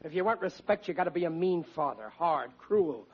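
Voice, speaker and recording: A blustery soft-hearted father. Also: on the high side, lively intonation, fairly quick, husky. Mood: indignant. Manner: bellowing, melodramatic outbursts. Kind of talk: 1940s radio sitcom acting. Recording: dull old radio recording.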